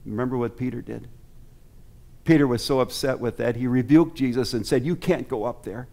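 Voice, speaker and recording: Male pastor at the pulpit, mid-pitched, earnest, preaches with rhetorical questions to the pews. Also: a little fast, creaky, mellow. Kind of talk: sermon. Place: church sanctuary.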